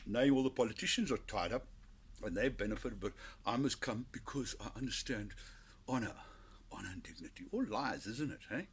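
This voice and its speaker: A man's voice: mid-range voice, normal speed, breathy edge. A South African man hosting a podcast, rambling through sardonic, foul-mouthed commentary. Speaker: podcast host. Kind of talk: casual solo commentary.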